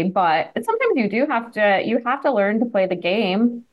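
A woman co-hosting an interview, chatting in an easygoing, conversational way with quick asides. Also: medium pitch, animated, dull audio. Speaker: podcast co-host. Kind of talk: casual interview chat.

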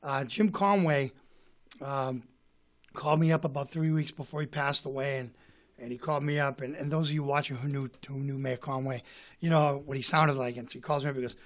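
A man's voice: medium pitch, steady tone, fairly quick. A man telling stories in a casual interview, rambling with frequent restarts and repeated words. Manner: rambling storyteller with frequent restarts, imitates others' voices. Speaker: guest singer and author.

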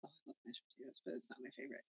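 A woman co-hosting a casual chat, animated and quick to laugh, swearing freely. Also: a bass voice, slightly rough, no room sound. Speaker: podcast co-host.

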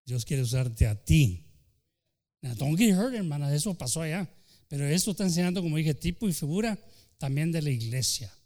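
Male pastor, fairly high voice, fervent sermon delivery with big swings from loud to soft; acts out quoted voices mid-sermon. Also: lively intonation, fast. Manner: fervent preaching with sudden shifts from loud to soft. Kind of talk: bilingual sermon.

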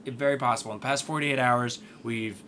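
A man's voice: medium pitch, fairly even intonation, fast talker, sharp tone, slight background noise. A man co-hosting a casual podcast, joking and swearing as he gives parenting tips. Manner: wry, profane, joking. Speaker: podcast co-host.

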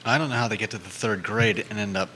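A man's voice: lowish voice, fast, sharp tone, in a large hall, a little hiss or hum. Dry, hesitant male co-host. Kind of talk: casual banter.

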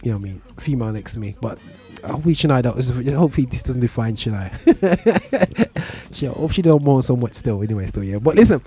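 A man's voice: medium pitch, very animated, fairly quick, dark tone, faint music behind. A man with a London accent hosting a talk show, chatting casually in slang and often stumbling over his words. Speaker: radio show host. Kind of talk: casual chat.

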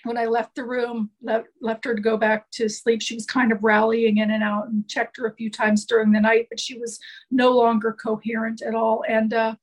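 A woman with a high voice recounts her experiences as a nurse in an earnest, heartfelt way. She talks conversationally and often stops to restart a sentence. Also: completely flat delivery, moderate pace, low-quality recording. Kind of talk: conversational storytelling.

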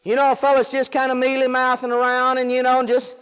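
A preacher delivers a sermon in a strikingly high voice. His talk is folksy, swinging from shouts to quiet asides, and the sound hangs in a long hall reverb. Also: completely flat delivery, quick pace, few pauses, clear, resonant tone.

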